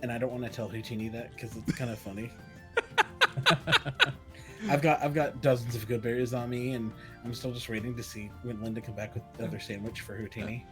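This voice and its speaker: A man's voice: mid-range voice, fairly even intonation, brisk, faint music behind. A man playing a tabletop game, describing scenes and chatting with hesitant, amused asides. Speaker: game player. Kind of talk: casual game table chat.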